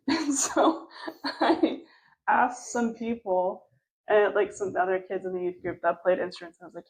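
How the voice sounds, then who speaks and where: Woman, podcast co-host, casual story, rambling, many fillers, laughs often, medium pitch. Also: moderate pace, darkish tone, low-quality recording.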